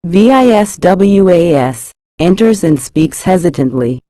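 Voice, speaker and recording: A woman's voice: fairly low pitch, lively intonation, unhurried, warm tone, no room sound, poor audio. A woman reading a play script aloud, including stage directions, and spelling out character names letter by letter. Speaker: play reader.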